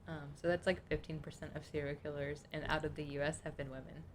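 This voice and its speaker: Low-voiced woman co-hosting a podcast. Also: level tone, fast talker, slight background noise. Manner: chatty, informal, reading notes aloud. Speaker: podcast co-host. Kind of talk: casual chat.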